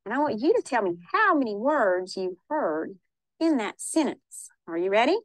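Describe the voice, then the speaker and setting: Lively teacher quizzing young children. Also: female voice, on the high side, normal speed, dry recording, low-quality recording. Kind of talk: classroom teaching. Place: classroom.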